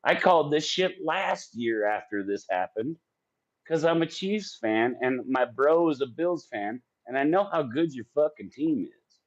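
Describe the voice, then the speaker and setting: A man's voice: mid-range voice, expressive, unhurried. A man in his forties ranting on a live sports stream, profane and combative as he answers his chat. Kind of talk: heated live-stream rant. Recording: dull lo-fi stream audio.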